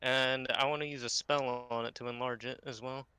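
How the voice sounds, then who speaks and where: A man's voice: mid-range voice, level tone, a little fast, sharp tone, clean tone, no room sound. A man describing his character's actions in a tabletop game, loose and full of fillers. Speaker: player. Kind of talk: casual role-play talk.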